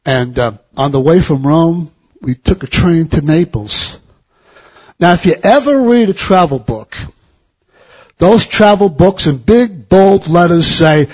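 Husky preacher telling a story. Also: male voice, a little high, animated, measured pace, a little mellow. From United States. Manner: anecdotal, rising to fervent exhortation. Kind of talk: storytelling sermon.

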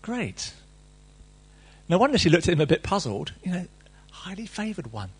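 A middle-aged man delivers a sermon in a slightly husky, higher-pitched voice. His intonation swings widely as he moves from reading scripture to animated, joking commentary. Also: normal speed. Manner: reads scripture then riffs animatedly, playful asides. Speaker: preacher.

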